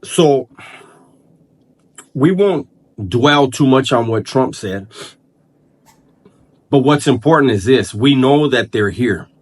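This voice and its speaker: A man speaks straight to his channel's viewers in a loose, unscripted way. His voice sits at an ordinary mid pitch for a man. He often stalls, repeats a word and starts over while he works through his thoughts. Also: animated. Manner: halting, repeats words and restarts while thinking aloud. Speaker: channel host. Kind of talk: casual vlog commentary.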